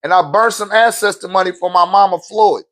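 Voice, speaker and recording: A man's voice: sits high, a little fast. A man, a spiritual teacher telling stories in casual teaching talk, acting out quotes and laughing often. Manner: animated storytelling, acts out quotes, laughs often.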